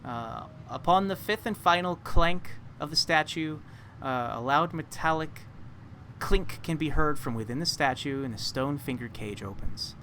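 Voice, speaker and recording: A man's voice: on the high side, lively intonation, measured pace, sharp tone, a little hiss or hum. A man narrating a tabletop game as game master, describing scenes with many fillers and restarts.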